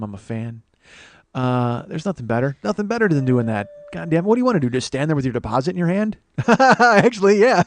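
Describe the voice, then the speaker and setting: A man hosting a solo comedy podcast, rambling and self-mocking, swinging between loud outbursts and mumbled asides. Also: a little high, background noise. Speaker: podcast host.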